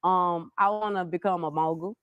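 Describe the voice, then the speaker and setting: A woman's voice: on the low side, steady tone, normal speed, lo-fi sound, slight background noise. A young woman answering interview questions with playful, laughing replies. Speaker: interview guest. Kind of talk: casual interview.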